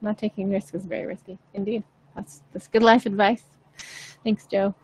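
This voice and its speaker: A woman's voice: mid-range voice, little pitch movement, normal speed, slightly rough, low-quality recording. Chatty, encouraging woman vocal coach. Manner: chatty, encouraging, many fillers. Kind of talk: live-stream Q&A chat.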